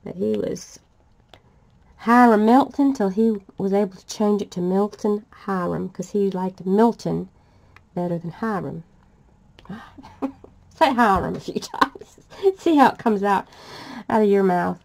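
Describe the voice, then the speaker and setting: A woman's voice: medium pitch, measured pace, vocal fry, pauses often, darkish tone. An older woman, chatting casually and laughing often as she tells family stories while crafting. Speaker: vlogger.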